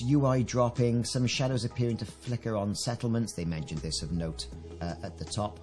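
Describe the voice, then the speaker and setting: A man's voice: lowish voice, a little mellow. A British man giving casual commentary on a game update, reading out patch notes and adding chatty, enthusiastic asides. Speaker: gaming video creator.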